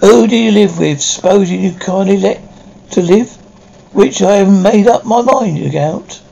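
A man voicing a threatening, rough escaped convict in a read-aloud story. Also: sits high, moderate pace, warm tone, pitched above the performer's own voice, heavily acted, poor audio. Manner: threatening, gruff commands.

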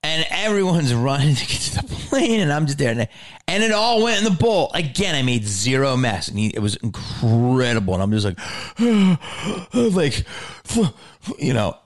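A man hosting a solo podcast, telling a story in casual chat, animated and swearing freely as he acts out his own reactions, heard on a lower-quality backup recording. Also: moderate pace. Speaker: podcast host.

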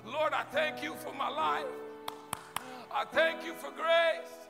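High gravelly preacher in a hall. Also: male voice, fairly even intonation, slow, over music. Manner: impassioned preaching, rising to shouted worship. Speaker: pastor. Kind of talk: sermon. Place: church sanctuary. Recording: long reverb of a large hall.

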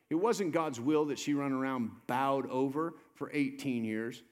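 Animated pastor preaching in a reverberant sanctuary. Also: male voice, moderate pace, few pauses. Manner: animated preaching that swings from loud urgent appeals to low soft tones. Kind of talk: sermon. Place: church sanctuary. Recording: live church sermon with long reverb.

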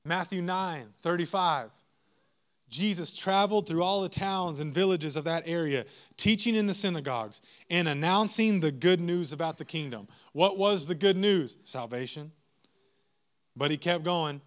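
Male pastor with a fairly high voice, preaching with emphasis and repetition. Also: expressive, a little slow. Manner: emphatic, repeats key phrases, asks the congregation questions. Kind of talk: sermon.

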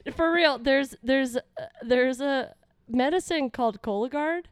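A woman's voice: high voice, measured pace, clean tone. A woman hosting a podcast, chatting casually and rambling along. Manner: rambling, lots of fillers. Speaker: podcast host. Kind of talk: casual chat.

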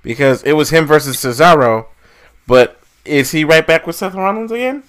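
A man co-hosting a podcast in casual chat, blunt and animated, swearing freely. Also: a little high, normal speed. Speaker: podcast co-host.

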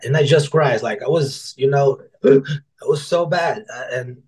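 A man interviewed on a podcast about his life as an author tells stories casually in loose, rambling sentences with restarts, swearing freely and animatedly acting out what coworkers and customers said. His voice is medium-pitched and measured, in a rough recording.

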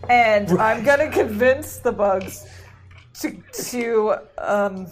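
A woman's voice: on the high side, slow, faint music behind. A woman playing a tabletop game, playful and a little hesitant as she lays out her plan. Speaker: player. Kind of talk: casual tabletop play.

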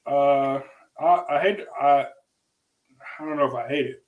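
A man co-hosting a podcast chats casually in a mid-range voice at a measured pace. His talk is loose and repetitive, packed with fillers and repeated phrases. The audio sounds narrow and tinny.

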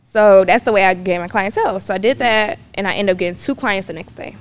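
A young woman telling a personal story in a casual, animated way, acting out the lines of the people in it. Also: mid-range voice, quick pace. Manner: animated, acts out quoted dialogue. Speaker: guest.

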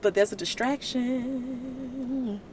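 A woman giving casual Bible teaching in an animated, slangy, joking way. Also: high voice, extremely slow, a little hiss or hum. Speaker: Christian vlogger teaching the Bible.

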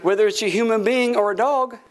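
A man's voice: high-pitched, steady tone, a little fast. A man preaching a charismatic sermon, laughing often and repeating words for effect. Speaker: pastor.

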